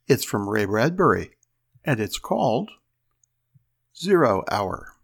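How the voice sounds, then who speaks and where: A male host reads a story aloud with lively, expressive storytelling. His voice has a gravelly rasp. His pitch moves up and down with the action. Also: takes it slowly. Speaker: host and reader.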